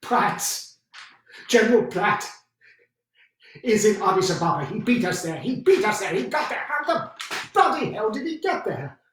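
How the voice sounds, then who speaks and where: A man's voice: high voice, very animated, moderate pace, pauses often, background noise. A brash, scheming British officer narrates his exploits with theatrical flair, as a man acts him out. It is a one-man stage monologue, picked up from far off in a space with heavy reverberation. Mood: exasperated. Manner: theatrical, with swings between exasperation and boastful narration. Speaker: solo stage performer.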